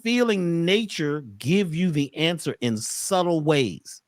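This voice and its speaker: Lively, animated male storyteller. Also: a little high, slow, dry recording, studio quality. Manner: expressive, drops into acted voices, rhetorical questions. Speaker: podcast guest, mushroom teacher.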